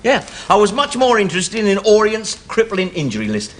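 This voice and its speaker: A man's voice: high-pitched, sing-song, moderate pace, fairly bright tone. An actor in his forties playing a sardonic Cockney ex-convict with teasing banter. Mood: wry. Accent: London Cockney. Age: 40s. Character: wisecracking Cockney ex-convict, forty-five, dry and sardonic.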